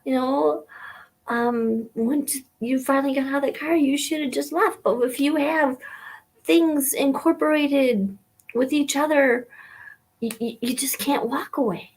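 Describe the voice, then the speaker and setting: A woman hosting a live stream, talking in a halting way with many fillers and repeated words, sometimes dropping to a whisper. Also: sits high, a little mellow. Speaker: host of a weekly live stream. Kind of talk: casual personal talk.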